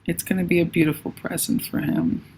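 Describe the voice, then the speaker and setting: A woman's voice: fairly low pitch, little pitch movement, a little fast, a little mellow, slightly rough. A woman hosting a casual livestream while she paints, thinking aloud and greeting viewers by name. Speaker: livestream host.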